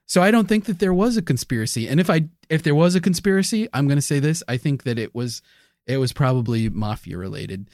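A man's voice: mid-range voice, animated, brisk, a little mellow, no room sound. Dry, hedging male podcast co-host. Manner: hedging, self-correcting, laughs often. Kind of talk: casual conspiracy podcast chat.

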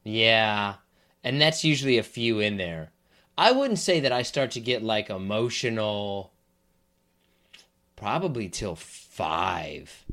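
A man's voice: on the low side, slow. Wry man in casual podcast chat. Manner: dry, wry storytelling with deadpan jokes. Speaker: podcast co-host.

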